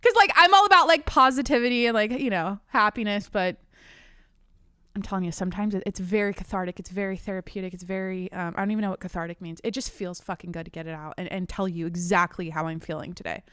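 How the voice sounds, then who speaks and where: A young woman rants into a desk microphone, her voice smooth and clear, the sound dry and close. She vents in a loose, profane podcast monologue, full of restarts and tangents. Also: medium pitch, fast, no echo. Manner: animated, profane venting with frequent restarts. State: slightly out of breath. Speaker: podcast host. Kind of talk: casual ranting monologue. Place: home studio at her desk.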